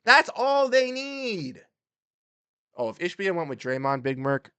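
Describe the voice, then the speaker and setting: A man hosting a sports livestream, ranting heatedly and swinging between loud outbursts and muttered exasperation. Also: sits high, sing-song, measured pace, smooth, no room sound. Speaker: sports podcast host. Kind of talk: livestream rant.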